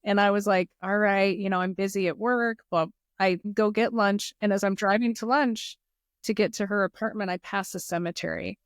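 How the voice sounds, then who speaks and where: A middle-aged woman speaks as an interview guest, sharing personal stories with earnest conviction. Her voice sits at an ordinary pitch for a woman, and the recording is dry and close with no room sound. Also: steady tone, moderate pace, no room sound. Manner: earnest, heartfelt storytelling. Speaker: guest, foundation leader. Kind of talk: podcast interview.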